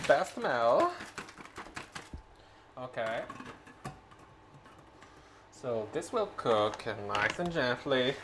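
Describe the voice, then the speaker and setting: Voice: mid-range voice, sing-song, drawn-out words, pauses often, background noise. A podcast host talking casually while cooking at home, rambling, laughing and swearing through each step. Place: home kitchen.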